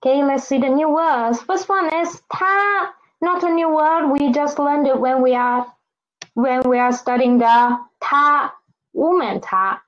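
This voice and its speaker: A woman's voice: high voice, measured pace, muffled recording. A woman teaching a beginner Mandarin lesson, drilling words patiently and repeating them for learners to echo. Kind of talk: online language lesson.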